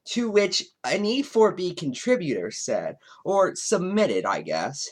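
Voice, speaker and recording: A man's voice: a little slow, few pauses. A man hosting a commentary video, talking in a sarcastic, mocking way. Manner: sarcastic, mocking, with lively swings in pitch. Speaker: commentary YouTuber.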